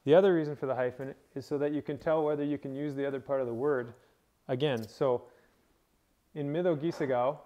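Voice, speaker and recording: A man's voice: medium pitch, steady tone, fast talker, dark tone, highs cut off. A man teaching a language class, explaining rules step by step and checking that his students follow. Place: indoor camp teaching session.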